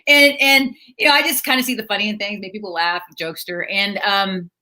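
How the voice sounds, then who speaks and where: A middle-aged woman comedian telling stories in a casual interview, chatty and quick to laugh. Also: mid-range voice, steady tone, bright, forceful tone. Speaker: stand-up comedian and counselor.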